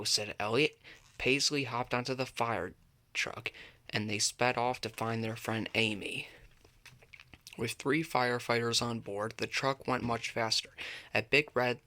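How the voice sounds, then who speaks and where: A man reading a children's picture book aloud, lifting his voice for the characters' shouts. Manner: lively read-aloud, pitching up for characters' shouts. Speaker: storybook reader.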